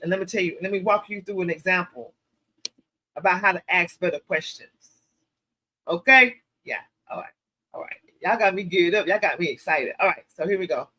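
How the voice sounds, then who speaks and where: A woman hosting a casual livestream Q&A, telling stories in an animated, preachy way and calling her viewers y'all. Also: fairly low pitch, normal speed. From American South. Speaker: show host.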